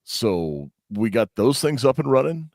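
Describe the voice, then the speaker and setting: A man's voice: medium pitch, very animated, unhurried, vocal fry, a little mellow, no echo, clean studio sound. A man hosting a podcast in a loose, rambling way. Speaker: podcast host. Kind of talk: casual podcast chat.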